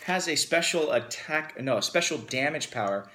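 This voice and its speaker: A man's voice: a little high, animated, normal speed, bright, forceful tone. Upbeat man hosting an unboxing. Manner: enthusiastic, upbeat. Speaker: host. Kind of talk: casual unboxing chat.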